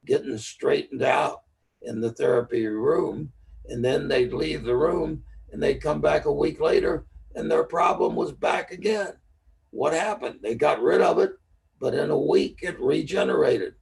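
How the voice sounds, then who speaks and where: A gravelly, husky-voiced man teaches NLP in a streamed lecture, leaning on stories and repeated core ideas. His voice sits mid-range with a slightly mellow quality, heard from a distance in a rough recording.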